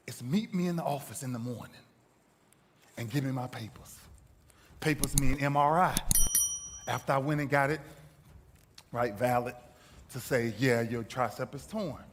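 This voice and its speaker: A man giving an intense, dramatic motivational speech, telling a story and acting out the dialogue in a husky voice. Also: mid-range voice, moderate pace, pauses often. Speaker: motivational speaker. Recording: reverberant hall with faint music.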